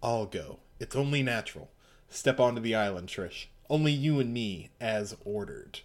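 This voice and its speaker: A man doing a quiet, resolute gang leader. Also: animated, moderate pace, natural voice. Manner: low, quiet and earnest. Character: calm, determined young male gang leader.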